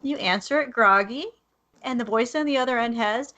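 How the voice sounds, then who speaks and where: A woman with a bright, fairly high voice, chatting casually as a podcast co-host. She tells her story with lively buildup and keeps checking that her listeners are with her. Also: normal speed.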